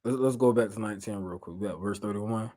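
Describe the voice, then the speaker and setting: A man, leading an informal Bible study, animated and repeating phrases for emphasis. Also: fairly low pitch, quick pace. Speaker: Bible teacher.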